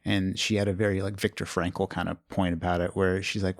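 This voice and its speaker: A man hosting a podcast, chatting about a film in a relaxed, loose and self-deprecating way. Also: deep voice, brisk, hardly any pauses. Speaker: podcast host. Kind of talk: casual film discussion.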